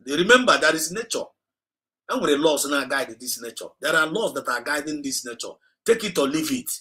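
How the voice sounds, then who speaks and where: A man with a Nigerian accent addresses his livestream audience in an impassioned, exhorting way, repeating phrases for emphasis. His voice sits fairly high and sounds bright and forceful. He switches between Igbo and English mid-sentence. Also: lively intonation, brisk, poor audio. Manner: urgent, repetitive, exhorting listeners. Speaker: activist livestream host.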